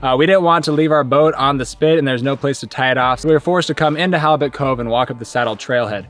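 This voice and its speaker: A man's voice: medium pitch, quick pace, fairly bright tone, soft background music. A young man narrating an outdoor hiking vlog on a forest trail, chatty and informative, speaking into a handheld camera mic. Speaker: vlogger and hiking guide.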